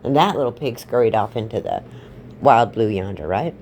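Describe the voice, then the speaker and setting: Low, lively, offhand woman storyteller. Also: moderate pace, slight background noise. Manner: rambling, offhand, irreverent asides. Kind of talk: casual comic storytelling.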